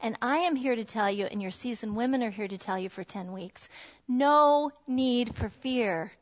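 A woman's voice: mid-range voice, brisk. A middle-aged woman giving a heartfelt Christian testimony talk to a mothers' group. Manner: earnest, heartfelt storytelling. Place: meeting room with a group of women. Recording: dull lo-fi recording.

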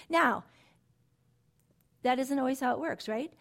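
A middle-aged woman teaching a Bible study in a conversational way, telling personal stories that move from soft and low to excited and emphatic. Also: moderate pace, creaky, pauses often.

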